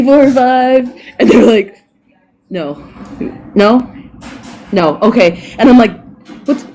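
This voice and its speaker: Animated, profane woman telling a story. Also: mid-range voice. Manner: animated, profane, laughs often. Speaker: podcast guest, dog groomer. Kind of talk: casual storytelling.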